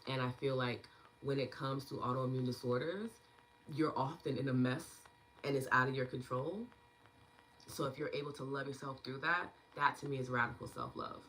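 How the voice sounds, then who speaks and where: Bright-voiced woman hosting a live stream. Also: a bass voice, fairly even intonation, normal speed, a little hiss or hum. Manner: chatty and affectionate, laughs often, thanks viewers by name. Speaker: host of a live gratitude session. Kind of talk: casual live-stream chat, reading out viewer comments.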